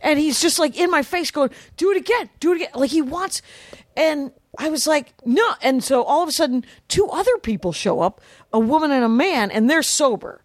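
A woman's voice: sits high, moderate pace, dry recording, clean studio sound. A woman co-hosting a podcast, telling a story in casual chat and acting out the people in it with quoted voices. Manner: animated retelling with quoted voices. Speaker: podcast co-host. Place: podcast studio.

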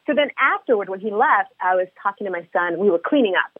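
Lively woman guest host on a phone-like line. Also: medium pitch, fast, breathy edge, dry recording. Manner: lively, sheepish, quotes herself in dialogue. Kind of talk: casual storytelling chat.

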